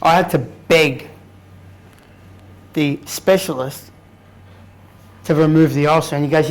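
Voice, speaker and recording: Here, a guest speaker in his thirties from Australia shares his own experiences with a live crowd, candid and blunt, dropping casual swear words. He talks slowly and steadily in a higher-pitched voice, leaving long pauses, on a rough recording.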